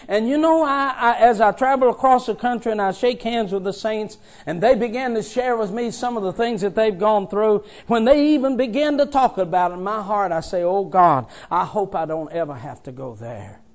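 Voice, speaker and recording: A man preaching a sermon as a traveling preacher, fervent, swinging from soft passages to loud ones. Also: very high voice, a little fast, hardly any pauses.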